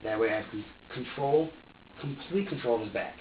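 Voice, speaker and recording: A man's voice: medium pitch, a little fast, phone-quality sound, a little hiss or hum. Distant man in an echoey interrogation room. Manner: rambling and repetitive, acting out his own words. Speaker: man being questioned by police. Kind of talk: recounting events during a police interrogation. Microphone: room surveillance microphone.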